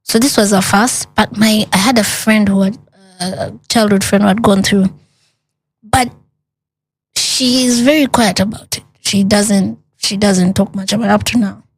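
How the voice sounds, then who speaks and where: An earnest woman shares a hard personal story as a guest. She talks in a lively way, slipping into the voices of the people she quotes. Her voice sits in an ordinary middle pitch. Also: moderate pace, husky. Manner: animated retelling with quoted dialogue, earnest.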